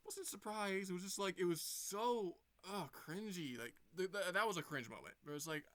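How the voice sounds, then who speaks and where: A man's voice: high-pitched, animated, normal speed, few pauses, a bit bright, no room sound. A man casually retelling a movie plot for a review vlog, rambling with lots of fillers and restarts.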